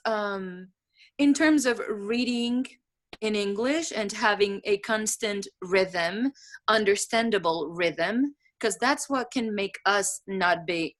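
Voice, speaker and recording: A woman's voice: mid-range voice, fairly bright tone. A woman, asking a question in an online workshop, hesitant and searching for words. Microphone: video call.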